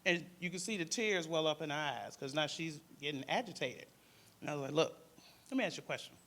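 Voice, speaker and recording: A man's voice: a little high, animated, fairly quick, fairly bright tone. A man with a Detroit accent, a panelist and former crisis worker, telling a story in casual speech and acting out the voices of the people in it.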